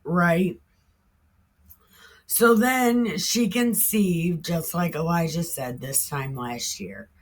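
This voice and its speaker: A woman's voice: on the low side, slow pace, hardly any pauses. A woman retelling a Bible story in a casual, irreverent way, full of slang, cussing and laughing asides.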